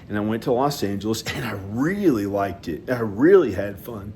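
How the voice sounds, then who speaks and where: A man talking at home in a rambling personal monologue, hesitant and halting, with many restarts and fillers. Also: lowish voice, animated, darkish tone, slight background noise. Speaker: vlogger. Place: inside his house.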